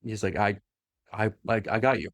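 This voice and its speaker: A man casually recapping a story for a co-host, slipping into quick voiced quotes of the characters. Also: lowish voice, no room sound, clean studio sound. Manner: animated retelling that slips into quick voiced quotes. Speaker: podcast host recapping lore. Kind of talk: casual lore recap chat.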